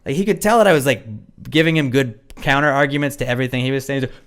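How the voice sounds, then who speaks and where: A man's voice: mid-range voice, a bit bright. A young man co-hosting a podcast, telling a long story in rambling casual chat, full of "like" and swearing. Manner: fast, rambling, lots of "like", swears freely. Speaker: podcast co-host.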